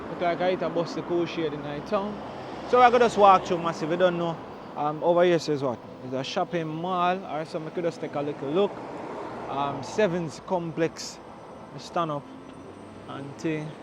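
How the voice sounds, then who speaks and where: A man with a Jamaican accent, narrating a walking tour outdoors on a town street, chatty and full of patois shout-outs. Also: fairly high pitch, normal speed, noisy background.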